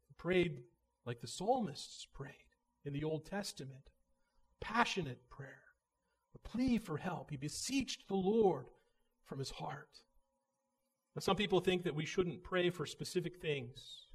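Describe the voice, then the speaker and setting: Earnest male preacher, high voice, builds emphasis, restarts phrases. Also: lively intonation, a little slow, breathy edge. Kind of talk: sermon.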